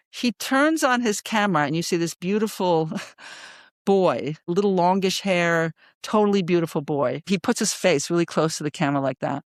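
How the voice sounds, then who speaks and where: A woman in her sixties, a psychologist guest in an interview, telling stories in an animated, emphatic way and often checking in with "right?". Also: on the low side, normal speed, dry recording, clean studio sound. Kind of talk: storytelling in a conversational interview.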